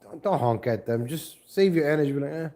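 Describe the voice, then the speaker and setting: A man's voice: medium pitch, expressive, fast talker, warm tone. A man hosting a casual live stream from home on a laptop mic, rambling and correcting himself as he greets viewers. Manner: rambling, self-correcting, chats to viewers and cat.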